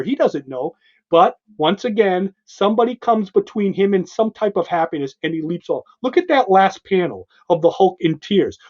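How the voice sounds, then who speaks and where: A man's voice: high voice, darkish tone, highs cut off. A man co-hosting a podcast, casually and enthusiastically walking through a comic book page by page. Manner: enthusiastic, retelling panels with voiced quotes. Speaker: podcast co-host.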